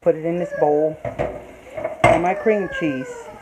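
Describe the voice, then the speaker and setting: A woman's voice: fairly low pitch, huge pitch swings, slow pace. An older woman, chatting to viewers in a casual cooking tutorial from her home kitchen. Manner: chatty, talks straight to viewers as y'all. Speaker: cooking vlogger. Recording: home kitchen with loud frying noise. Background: sizzling pan and stirring.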